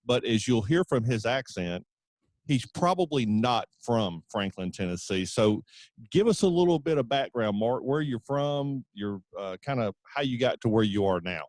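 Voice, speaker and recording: A man's voice: medium pitch, expressive, moderate pace, a little mellow, dry recording. A man hosting an interview podcast, friendly and chatty, with frequent fillers. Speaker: podcast host. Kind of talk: casual interview talk.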